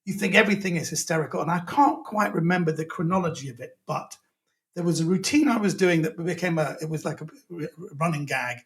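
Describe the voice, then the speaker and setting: A male comedian telling a long, self-mocking anecdote as a guest, in a lively, rambling way. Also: a little high, quick pace.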